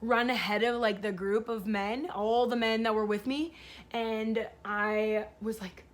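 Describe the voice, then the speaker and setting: A woman's voice: on the high side, a little slow. Rambling woman telling a story. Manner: rambling, filler-heavy, animated retelling. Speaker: vlogger. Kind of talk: casual storytelling.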